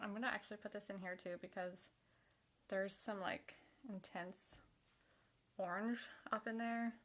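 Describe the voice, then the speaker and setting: A woman's voice: a little high, gravelly, a bit bright. A young woman chatting casually to herself while doing her makeup for a vlog, sometimes dropping to a half-whisper. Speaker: makeup vlogger.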